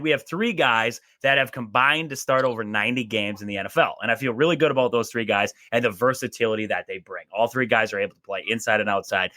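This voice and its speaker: Hoarse upbeat male sports radio host. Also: mid-range voice, no echo, clean studio sound. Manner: rambling, energetic, repeats himself. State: hoarse, voice going. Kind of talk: casual sports talk show.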